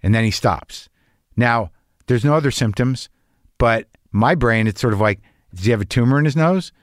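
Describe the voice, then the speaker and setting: A man's voice: mid-range voice, normal speed, no room sound, studio quality. An older man hosting a podcast, riffing in a neurotic, rambling, profane comedic monologue. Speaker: podcast host. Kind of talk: comedic monologue and casual conversation.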